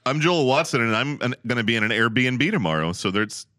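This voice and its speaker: A man's voice: medium pitch, lively intonation, brisk, pushed and bright, dry recording, clean studio sound. A man hosting a comedy writing podcast, joking around and laughing often. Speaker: podcast host. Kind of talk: casual comedy banter.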